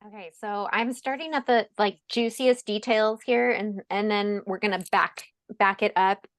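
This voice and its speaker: A woman's voice: medium pitch, steady tone, moderate pace, fairly bright tone, no echo. A woman speaking at a webinar in a casual, earnest way, with frequent fillers and restarts. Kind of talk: presentation at a webinar.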